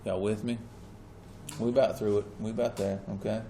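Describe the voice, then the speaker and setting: A man's voice: fairly low pitch, flat delivery, brisk, warm tone, slight background noise. A male teacher lecturing a classroom in a casual way and often checking that the students are following.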